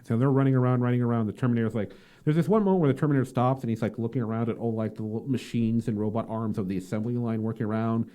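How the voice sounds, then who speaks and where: An animated male co-host chatting through a movie's plot on a podcast. He talks loosely at a middle pitch, piling on fillers and casual swearing as he goes. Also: very fast. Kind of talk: casual movie review chat.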